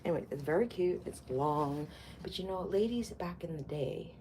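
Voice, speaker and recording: A woman in her fifties chatting casually to camera as a vlogger, loud and playful, with crude jokes and swearing. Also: low voice, lively intonation, moderate pace, slight background noise. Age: 50s. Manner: loud and playful, swings to loud bursts and whispers.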